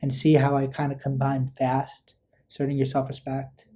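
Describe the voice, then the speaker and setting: Mellow, flat-voiced man teaching parents. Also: mid-range voice, normal speed. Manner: conversational, acts out parent lines with small asides. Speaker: therapist teaching a parenting workshop. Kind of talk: relaxed instructional talk.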